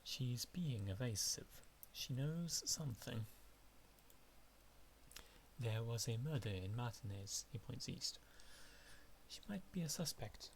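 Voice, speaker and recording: A man streaming a video game live, reading its dialogue aloud in a casual, playful way. His mid-pitched voice has a gravelly, creaky texture. Faint noise sits under his voice. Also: animated, takes it slowly, pauses often.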